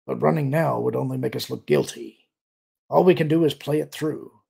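A man voicing a calm, steady rebel general who stays quiet and composed. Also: mid-range voice, normal speed, gravelly, slightly rough, exaggerated voice.

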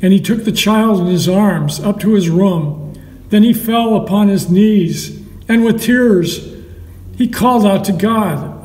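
A man reading a Bible story aloud to children in a slow, measured storytelling way. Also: high-pitched, a little mellow, slight background noise. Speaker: Sunday school storyteller. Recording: echoey hall, mic far off.

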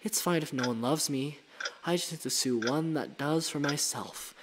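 A man's voice: a little high, normal speed, lightly acted. A man voicing a vengeful female shadow spirit with a knife, in a cold, taunting read over a noisy mic.

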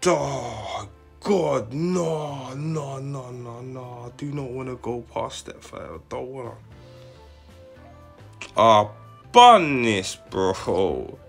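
A young man, giving slang-heavy, excitable commentary straight to his viewers. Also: mid-range voice, slow pace, gravelly, faint music behind. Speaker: gaming channel host. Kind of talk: casual live commentary.

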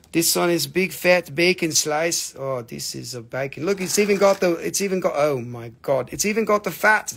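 A man runs a live sales stream for rocks and crystals, full of jokes, swearing and banter with viewers. His voice sits high for a man and has a gravelly, fried edge. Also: a bit bright. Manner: playful, joking, swearing, rapid banter.

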